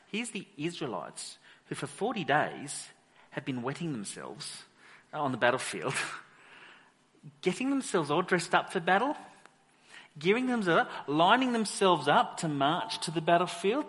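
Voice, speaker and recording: Animated male preacher, bright voice. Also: a little high, big-room sound. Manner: animated storytelling, acting out the characters. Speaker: pastor. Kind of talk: sermon. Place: church hall.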